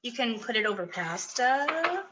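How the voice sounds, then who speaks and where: A woman's voice: on the high side, sing-song, a little slow, muffled recording, background noise. A woman from Canada giving a casual cooking demonstration in a community kitchen, chatty and enthusiastic as she tells stories.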